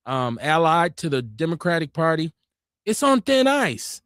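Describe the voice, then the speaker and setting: A man with a notably high speaking voice hosts a call-in show in casual, outspoken talk. He presses his points emphatically. The sound is close and completely dry, with no room around it. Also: no room sound. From Milwaukee, Wisconsin, USA.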